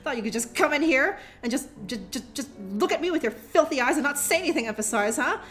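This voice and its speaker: A woman live-streaming with a high, lively voice that swings all over the place. She rambles, swears playfully and laughs often as she reads a children's book to her viewers. She sounds a little tipsy, and faint music plays behind her. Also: fast talker. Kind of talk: casual live-stream chat and reading aloud.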